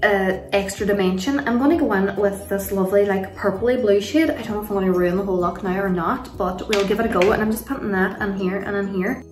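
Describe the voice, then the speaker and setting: A woman's voice: medium pitch, quick pace, hardly any pauses, faint music behind. A young Irish woman chatting through a makeup tutorial at home, rambling and gushing about products with frequent laughs. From Ireland. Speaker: beauty vlogger. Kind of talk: casual makeup tutorial and Q&A chat. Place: home room, kids nearby. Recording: roomy sound from a distance.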